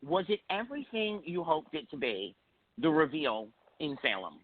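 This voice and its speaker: A man co-hosting a soap opera chat, talking with lively, swooping emphasis and a playful edge. He sounds dry and close, heard over a tinny phone line. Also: a little high, moderate pace, no echo. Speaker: podcast co-host. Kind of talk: casual chat.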